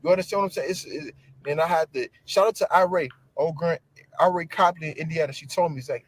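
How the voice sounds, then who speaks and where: A man with a high, slightly husky voice delivers a casual live-stream rant. He talks in loose slang, swears freely and circles back over the same points as he goes. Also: quick pace, rough recording. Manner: animated, slangy, repeats himself, swears. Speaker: social media commentator.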